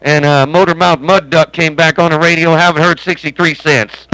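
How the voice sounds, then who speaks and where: Here a CB radio operator streams from his home base station, his voice on the high side with a steady tone at normal speed. Heavy background noise sits under his rambling, jokey, folksy radio chat.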